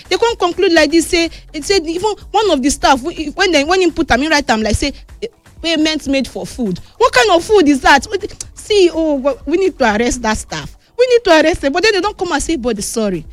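A Nigerian woman hosting a casual sports news roundup, lively and chatty, switching between Pidgin and English. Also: high voice, no room sound.

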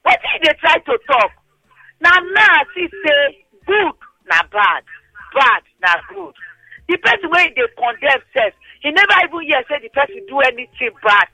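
A woman radio phone-in host speaking Nigerian Pidgin, giving animated, scolding commentary on air. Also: high voice, moderate pace, dry recording, poor audio. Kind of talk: casual radio phone-in chat.

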